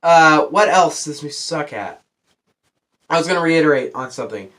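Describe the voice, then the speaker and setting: A man's voice: fairly high pitch, expressive, moderate pace, fairly bright tone. A young man giving a casual movie review in a blunt, rambling and frustrated way.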